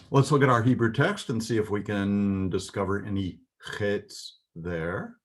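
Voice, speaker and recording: A man's voice: lowish voice, slow pace, slightly rough. A man teaching a Hebrew alphabet lesson, patiently explaining and pointing out letters.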